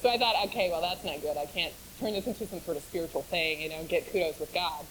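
A woman's voice: lowish voice, fast, a little hiss or hum, rough recording. A woman sharing a personal faith testimony in a chatty storytelling way, often laughing and repeating words for emphasis. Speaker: speaker sharing her testimony.

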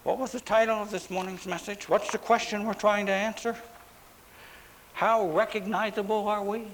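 A man preaching a sermon, stressing words with drawn-out pauses and dramatic emphasis. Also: high-pitched, little pitch movement, fairly bright tone, a little hiss or hum, rough recording. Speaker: pastor.

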